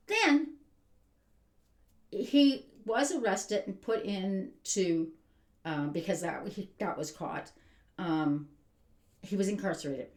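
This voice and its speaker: A woman's voice: medium pitch, lively intonation, takes it slowly, pauses often, a little mellow. A woman delivers a fired-up, indignant rant straight to camera. Her voice sits in the middle of the range, and she talks in an emphatic, exasperated way. The recording carries a noticeable roomy echo. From Canada. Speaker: vlogger. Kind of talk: ranting commentary.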